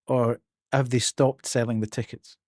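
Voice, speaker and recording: A man's voice: mid-range voice, little pitch movement, normal speed, darkish tone, dry recording, clean studio sound. A man streaming a horror game live, chatting casually with his viewers and laughing often. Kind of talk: live gameplay commentary.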